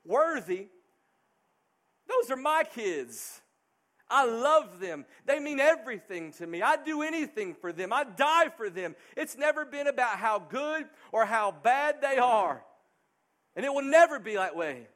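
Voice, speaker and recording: Middle-aged man, pastor preaching, earnest, emphatic, high voice. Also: sing-song, measured pace, a bit bright. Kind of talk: sermon.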